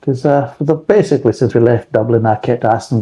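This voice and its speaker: A man's voice: mid-range voice, brisk, warm tone, slightly rough, rough recording. A man reviewing beer in a rambling, blunt casual chat, swearing freely.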